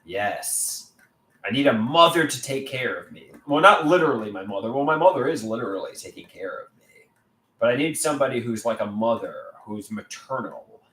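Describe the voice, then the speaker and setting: A man's voice: mid-range voice, lively intonation, normal speed, bright, forceful tone. A man on a live stream, reading viewer comments aloud and answering them in a rambling, repetitive way. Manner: reads chat comments aloud and answers them, repeating himself. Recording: echoey room.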